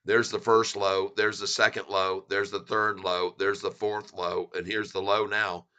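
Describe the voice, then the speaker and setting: A middle-aged man giving excited, folksy commentary on a stock chart, repeating himself for emphasis and calling his viewers folks. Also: fairly low pitch, a little slow, clear, resonant tone.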